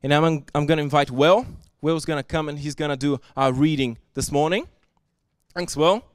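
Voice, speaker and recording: Guy preaching, high voice, dry close sound, gets loud and emphatic. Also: fairly even intonation, moderate pace, clear, resonant tone, no room sound. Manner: earnest, swings from soft to loud and emphatic. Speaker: pastor. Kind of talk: sermon. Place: church service.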